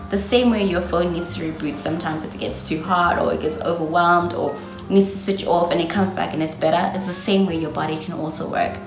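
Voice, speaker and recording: South African woman in her twenties, lower voice. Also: fairly even intonation, a little fast, echoey room, over music. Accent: South African English. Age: 20s. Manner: chatty, encouraging, calls viewers darling. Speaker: vlogger. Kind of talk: casual advice talk to camera.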